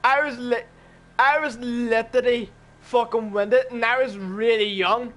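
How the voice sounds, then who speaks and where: Man telling a wild story, profane and animated. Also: extremely high pitch, unhurried.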